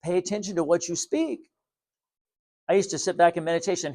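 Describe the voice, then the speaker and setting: A man giving a spiritual talk to viewers, calm, repetitive and gently insistent. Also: high-pitched, a little fast. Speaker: spiritual teacher.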